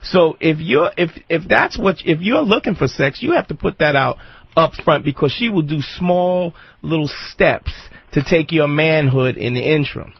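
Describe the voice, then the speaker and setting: A man on a call-in radio show giving a caller blunt, measured advice, often restarting his sentences. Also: on the high side, animated, gravelly, slightly rough, no echo, highs cut off.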